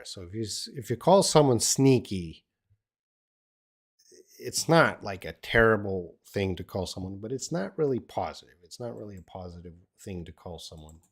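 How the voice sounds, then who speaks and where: Middle-aged guy doing a live english lesson, lowish voice, thinks out loud, encouraging. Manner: thinking aloud, hesitant restarts. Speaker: English teacher. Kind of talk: live-stream English lesson answering chat questions.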